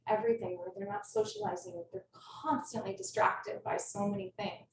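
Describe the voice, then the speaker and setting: A woman's voice: mid-range voice, darkish tone. A woman who teaches kindergarten, giving an earnest, passionate talk to an audience over a video call. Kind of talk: presentation to an audience. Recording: echoey room, distant mic, faint noise.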